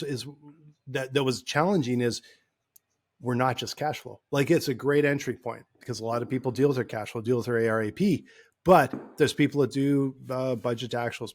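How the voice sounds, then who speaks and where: A man co-hosting a business podcast, rambling loosely with lots of restarts and filler. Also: medium pitch. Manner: rambling, full of restarts and likes. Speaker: podcast co-host. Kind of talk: casual podcast chat.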